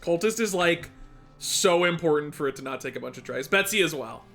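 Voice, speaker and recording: Male streamer, high and very expressive, casual self-talk commentary; faint background music. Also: fairly quick, gravelly. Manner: animated, talks to himself, sudden yelps and laughs. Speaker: speedrunner streamer. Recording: faint music and keyboard behind.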